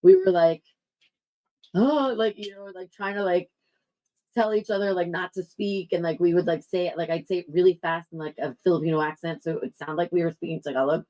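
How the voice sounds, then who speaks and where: Chatty woman with a lowish voice. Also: a little fast, mellow, low-quality recording. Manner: chatty storytelling, many fillers. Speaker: podcast co-host. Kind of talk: casual chat.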